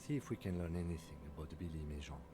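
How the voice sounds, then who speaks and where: A brisk, dry police partner. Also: male voice, very deep voice, animated, noisy background. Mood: calm.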